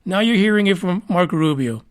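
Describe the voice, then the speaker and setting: A man's voice: high voice, expressive, fairly quick. A man hosting a podcast, giving rambling, profane and sarcastic commentary on the news. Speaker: podcast host. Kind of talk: casual news commentary rant.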